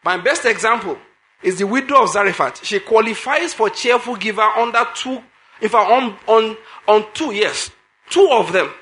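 A man's voice: high-pitched, normal speed, a bit bright. A man preaching a sermon, emphatic, repeating phrases and putting questions to his listeners.

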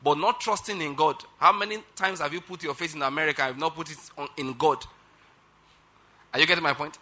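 A male pastor preaching a sermon, leading loud declarations for the congregation to repeat and dropping to quiet guidance for prayer. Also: fairly high pitch, fairly quick. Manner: drops to soft, quiet guidance during prayer.

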